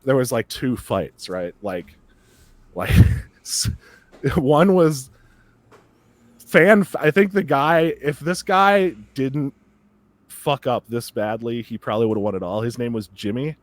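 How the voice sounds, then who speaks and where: A man co-hosting a podcast, rambling excitedly in casual chat and laughing often as he talks. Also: medium pitch, slow, long pauses. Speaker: podcast co-host.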